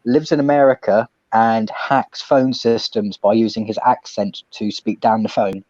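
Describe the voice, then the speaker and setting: A man chatting as a guest on a watch stream, earnest and measured, with some hesitation. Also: fairly low pitch, steady tone, a little mellow, no echo, dull audio. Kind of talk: casual chat on a watch stream.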